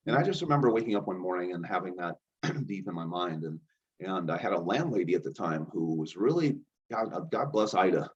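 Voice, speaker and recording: Low-voiced man telling stories, lo-fi sound. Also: expressive, brisk. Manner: rambling, restarts often, acts out quoted dialogue. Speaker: guest, chiropractor and healer. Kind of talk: conversational storytelling. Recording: dull lo-fi sound.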